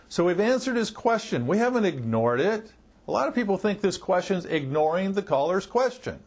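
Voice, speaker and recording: A man's voice: high-pitched, sing-song, moderate pace, darkish tone. A middle-aged man, a marketing coach, giving a training talk and acting out sample phone greetings with shifting emphasis.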